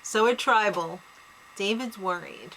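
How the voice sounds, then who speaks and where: A woman's voice: mid-range voice, a little slow, a bit bright, a little hiss or hum, low-quality recording. A young woman co-hosting a casual chat, recapping a TV show, blunt and joking with frequent laughs. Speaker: co-host.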